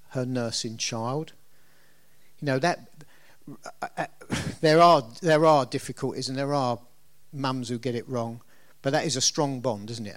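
A middle-aged man preaching a sermon in a conversational way, often asking his listeners questions. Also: on the high side. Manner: conversational, asks the congregation questions.

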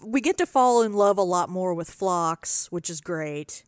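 A woman's voice: on the low side, lively intonation, a little slow, smooth, dry recording, studio quality. A woman co-hosting a casual podcast about a TV episode, agreeing enthusiastically and recapping the plot. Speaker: podcast co-host. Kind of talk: casual chat reviewing a TV episode.

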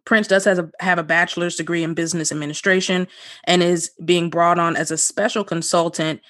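A podcast co-host chatting casually and animatedly, with many fillers and sudden jumps in pitch. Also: level tone, fairly quick, fairly bright tone.

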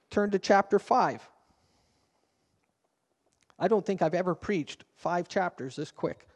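A man in his fifties, a pastor preaching a sermon with an animated storytelling manner, swinging between quiet and loud. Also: high-pitched, in a large hall.

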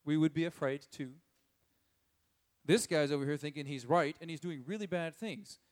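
A male preacher talking through scripture in a loose, conversational way, chuckling as he goes. His voice sits a little high for a man. He slips into quick voices for the people in the story. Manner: chuckles often while telling the story; acts out characters' lines in quick voices. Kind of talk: conversational sermon.

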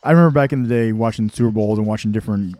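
A man's voice: fairly low pitch, very fast, mellow, no echo. A man casually chatting while watching a game live, rambling with lots of fillers and restarts. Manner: laid-back, chuckles between thoughts. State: voice getting lower and tired. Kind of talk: casual live-stream chat.

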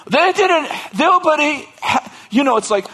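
A man's voice: very high-pitched, a little slow. A man preaching a sermon, retelling a story in a casual, joking way, laughing often and breaking into asides and restarts. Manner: animated, joking, laughs often between lines. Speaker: pastor.

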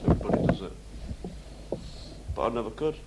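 A man's voice: mid-range voice, lively intonation, brisk, very noisy. A man in an archival interview, rambling through anecdotes, laughing, with many "you know"s. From England. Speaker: musician interviewee.

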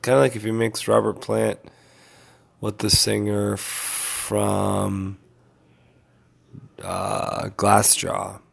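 A man's voice: lowish voice, vocal fry, husky. A tired man giving a casual, rambling vlog update to his followers, loose and full of fillers. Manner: laid-back, meandering, filler-heavy. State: tired, yawning. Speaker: vlogger.

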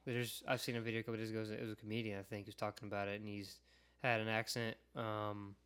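A man's voice: lowish voice, level tone, fast talker, fairly bright tone, smooth. A young man from Jacksonville, Florida, co-hosting a podcast, telling laid-back anecdotes with plenty of swearing. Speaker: podcast co-host. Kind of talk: casual podcast chat.

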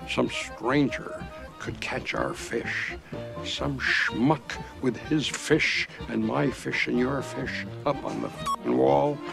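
A man's voice: mid-range voice, big pitch swings, takes it slowly, vocal fry, exaggerated voice, low-quality recording. An actor playing a fretful man brooding over a rival angler, in a film clip. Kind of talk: film dialogue. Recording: film clip with loud music.

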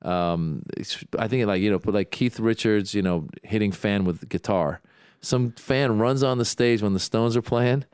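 Low, smooth-voiced man chatting. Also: moderate pace, dry recording, clean studio sound. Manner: relaxed, chatty, laughs easily. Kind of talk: casual chat.

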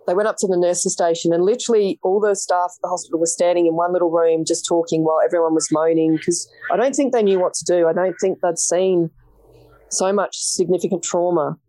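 An Australian woman recounts her story to an interviewer, bluntly and vividly, acting out each line of quoted dialogue. Her voice sits on the low side. The sound is dry and close, with no room echo. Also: flat delivery, brisk, dark tone. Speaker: podcast guest.

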